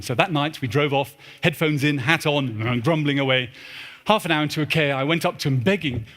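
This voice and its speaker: A man in his forties giving a humorous storytelling talk in a large church, animated and acting out the dialogue. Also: fairly high pitch, a little fast. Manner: animated, acts out dialogue in put-on voices. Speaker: keynote speaker.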